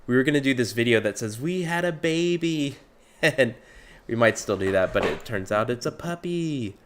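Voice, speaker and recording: A man's voice: medium pitch, expressive, normal speed, noisy background. A man hosting a livestreamed tabletop game, talking in a playful, goofy way. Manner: playful, goofy, laughing a lot. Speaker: host. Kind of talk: casual chat hosting a livestream.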